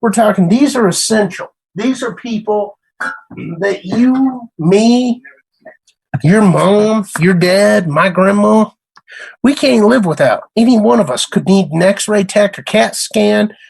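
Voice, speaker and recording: Slow husky man ranting. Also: sits high, a little mellow, poor audio. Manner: emphatic, rambling, repeats himself. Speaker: computer repair tech and channel host. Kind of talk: casual rant to camera.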